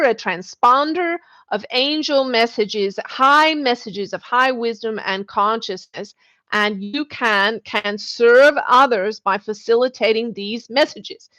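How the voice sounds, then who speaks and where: A woman giving a channeled spiritual teaching. She speaks as a collective "we", calls the listener "dear", repeats phrases, and often murmurs a soft "mm-hmm". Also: a little high, lo-fi sound.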